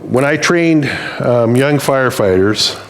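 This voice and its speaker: Taking his time, an older preacher with a mid-range voice and some vocal fry tells stories in his sermon. He sounds animated yet plain-spoken and conversational, speaking from a church.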